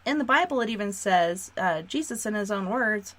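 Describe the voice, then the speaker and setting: A woman's voice: mid-range voice, fairly quick, few pauses, fairly bright tone. A woman hosting a radio talk show, sharing her beliefs earnestly in casual conversation. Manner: earnest, talks through beliefs. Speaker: radio host.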